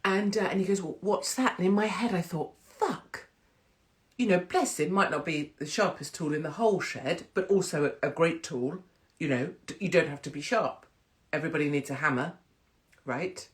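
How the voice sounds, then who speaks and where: A woman's voice: sits low, a little fast. A middle-aged woman chatting candidly to camera, blunt and rambling, swearing freely. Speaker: vlogger.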